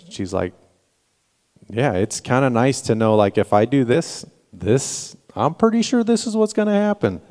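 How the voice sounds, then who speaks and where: A middle-aged man preaching in a church sanctuary, his lowish voice trailing into a long reverb. He speaks earnestly and personally, often stopping to restart a sentence. He sounds like a pastor talking straight to his congregation. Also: a little mellow. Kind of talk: sermon.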